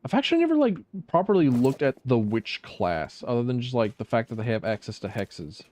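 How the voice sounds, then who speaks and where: A man's voice: mid-range voice, big pitch swings, a little fast, darkish tone, a little hiss or hum. Rambling, profane male streamer. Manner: rambling, profane and self-mocking. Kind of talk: casual gameplay commentary.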